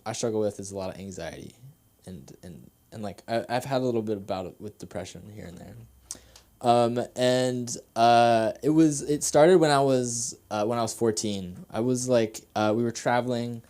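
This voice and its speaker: A man's voice: medium pitch, darkish tone. A young man doing open-mic stand-up, nervous and rambling, with many fillers and restarts. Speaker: stand-up comedian. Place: comedy club stage.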